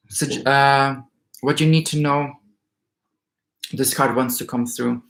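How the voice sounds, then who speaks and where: A man doing a weekly tarot reading, reading card meanings aloud and growing emotional and excited as he goes. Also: medium pitch, takes it slowly, long pauses. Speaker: tarot reader. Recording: roomy echo.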